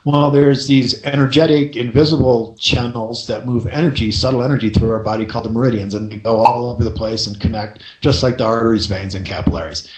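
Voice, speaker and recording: A man hosting a coaching radio show, telling a story in a lively way and checking in with the listener by asking "right?". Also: medium pitch, brisk, hardly any pauses, roomy sound, rough recording.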